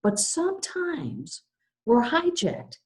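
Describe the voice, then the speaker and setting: A woman's voice: high-pitched, slow pace. A middle-aged woman minister giving a sermon, telling a personal story and acting out the voices in it. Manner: animated, acts out her own story.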